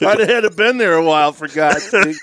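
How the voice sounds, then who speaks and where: A man's voice: fairly high pitch, animated, quick pace, bright, forceful tone, no echo. A man, co-hosting a podcast and telling hunting stories in a folksy, drawling way. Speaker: podcast co-host. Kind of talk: casual chat.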